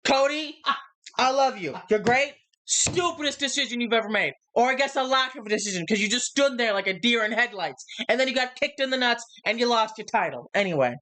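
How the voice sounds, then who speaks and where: A man co-hosting a live review stream, chatting casually and ranting loudly. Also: extremely high pitch, a little fast. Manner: loud, animated ranting. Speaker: co-host of a wrestling review stream. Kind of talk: casual chat.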